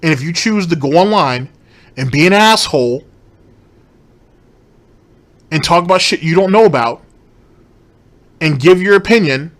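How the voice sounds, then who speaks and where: A man's voice: a little high, lively intonation, a little slow, long pauses, a bit bright. A man giving blunt, profane reaction commentary, driving points home with repetition.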